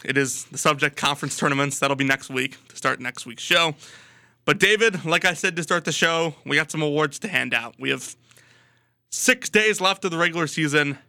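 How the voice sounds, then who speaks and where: Sharp bright-voiced sports podcast man. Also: on the high side, clean tone, dry recording, studio quality. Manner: energetic, lays out rules and segments. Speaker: podcast co-host. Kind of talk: casual sports chat.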